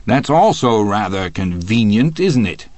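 A man's voice: on the low side, sing-song, a little slow, a little mellow, no echo. A man voicing a sarcastic, hectoring male prosecutor who fires pressing questions in court.

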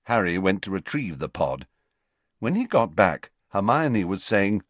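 A man narrating an audiobook in an expressive, measured storytelling manner. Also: low-pitched, dry recording.

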